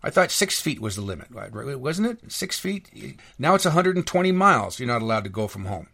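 A middle-aged American man delivers a solo podcast monologue. He talks in an indignant, rambling rant, full of restarts and sarcasm. His voice sits at an ordinary middle pitch for a man. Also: sing-song, a little fast, creaky, bright, forceful tone, slightly rough. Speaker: podcast host.

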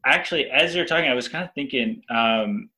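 A man, a father and podcast co-host, chatting casually and rambling, acting out yelled quotes. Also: mid-range voice, fairly quick, low-quality recording. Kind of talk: casual family chat.

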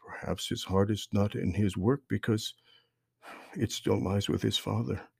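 A soft-spoken mother from a storybook, read by a man. She talks quietly and gently, with a husky, hushed tone. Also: lowish voice, fairly even intonation, unhurried, no room sound, exaggerated voice. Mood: gentle.

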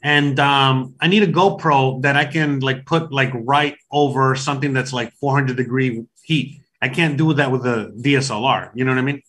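A man's voice: mid-range voice, normal speed, hardly any pauses, a bit bright, slight background noise. A man who hosts a cooking show, chatting casually with fillers and swearing. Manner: rambling, swearing, many fillers. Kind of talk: casual banter.

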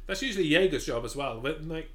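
A man's voice: fairly high pitch, lively intonation, fast. A British man co-hosting a live stream, trading dry, teasing banter in casual chat.

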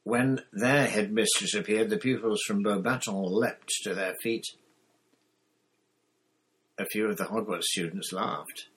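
Brief: male audiobook narrator, low voice, deliberate reading. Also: fairly bright tone, rough recording. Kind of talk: scripted narration.

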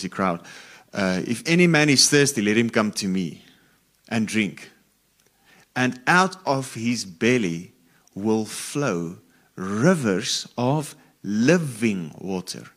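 A man teaching from the Bible, reading verses aloud and then explaining them in a relaxed, conversational way. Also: lowish voice. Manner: reads scripture aloud, then explains it informally with asides. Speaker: preacher.

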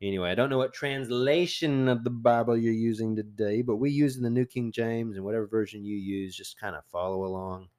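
A man's voice: on the low side, steady tone, brisk, few pauses, a little mellow, smooth. A man hosting a podcast, chatting casually and rambling through a Bible study with many fillers. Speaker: podcast host.

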